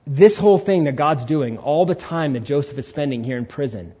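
A man preaching a Sunday sermon as pastor, animated, acting out inner voices and asking the congregation questions. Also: fairly high pitch, brisk, breathy edge, muffled recording. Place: church sanctuary.

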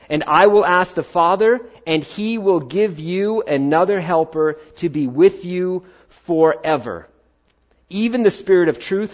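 A man preaching a sermon as a pastor, acting out quoted voices and dropping to quiet emphasis. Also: fairly high pitch, highs cut off.

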